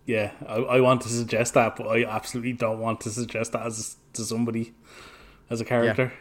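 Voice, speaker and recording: Man, podcast co-host, mid pitch, laid-back, laughs often, halting. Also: flat delivery. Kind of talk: casual recap chat.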